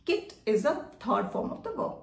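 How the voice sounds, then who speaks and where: A woman's voice: on the high side, sing-song, normal speed, vocal fry, far from the mic. A woman teaching a grammar lesson, patiently repeating key points and checking that viewers follow. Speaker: English teacher. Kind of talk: explanatory online grammar lesson. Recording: echoey room, voice a bit off-mic.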